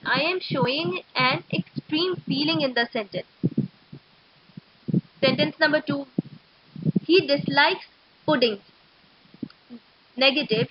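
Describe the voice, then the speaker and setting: A woman teaching an English grammar lesson to schoolchildren, explaining slowly and methodically. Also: high-pitched. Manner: slow, explanatory, steady and methodical. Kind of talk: recorded classroom lecture. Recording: dull lo-fi recording.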